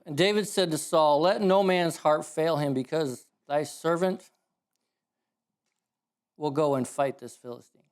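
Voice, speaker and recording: Animated higher-voiced male preacher. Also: unhurried, long pauses, clear, resonant tone. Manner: casual, animated storytelling with self-corrections. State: emotional. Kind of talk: sermon.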